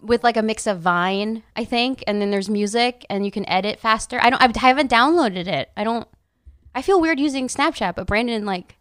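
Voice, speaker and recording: A woman's voice: a little high, moderate pace, fairly bright tone, smooth, no echo, studio quality. A woman co-hosting a casual podcast chat. She teases the others in a playful way and laughs often. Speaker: podcast co-host.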